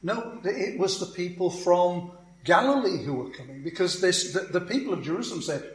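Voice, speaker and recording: A male preacher speaks in a loose, conversational way, often restarting phrases and adding asides to his listeners. His voice sits a little high for a man. The room adds a clear echo around him. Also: expressive, normal speed, a bit bright. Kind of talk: sermon.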